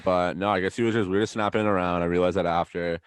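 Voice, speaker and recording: A young man, hosting a casual podcast with low, deep tones. He tells stories in an animated way and swears freely. His voice sounds dry and close, with little room sound. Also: fast, clear, resonant tone, no room sound. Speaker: podcast host. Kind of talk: casual chat.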